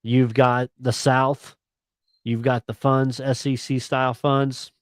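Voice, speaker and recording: A man's voice: medium pitch, flat delivery, slow pace, clean tone, no echo. A man co-hosting a sports radio talk show, chatting casually and slangily about college football and picks. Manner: laid-back, chatty, slangy.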